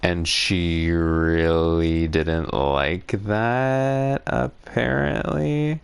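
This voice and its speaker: A man with a very low, gravelly voice tells a story while playing a game. He rambles, turns sarcastic and indignant, and breaks into laughs now and then. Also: drawn-out words. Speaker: gaming streamer.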